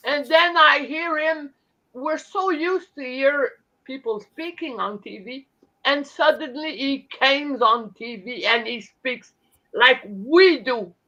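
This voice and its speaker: A bright-voiced woman with a French Canadian accent chats slowly on a live stream. She stops and restarts a lot, and the audio comes through dull and lo-fi. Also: high-pitched. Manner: chatty, halting with restarts, talks with her hands. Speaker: host. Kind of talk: casual live-stream chat.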